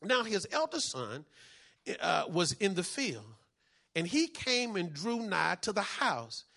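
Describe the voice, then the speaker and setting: Male pastor, high bright voice, call-and-response preaching. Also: big pitch swings, slow pace, creaky. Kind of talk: sermon.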